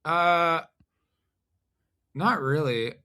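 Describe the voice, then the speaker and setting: Bright-voiced man, halting and deadpan. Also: a little high. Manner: halting, deadpan, self-deprecating. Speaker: podcast guest, musician. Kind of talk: casual conversation.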